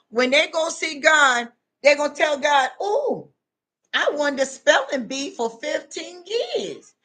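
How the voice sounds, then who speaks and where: A woman hosting a livestream, talking in a folksy, animated, preachy way and often calling listeners honey and y'all. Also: high-pitched. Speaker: livestream host. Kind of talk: preachy casual livestream talk.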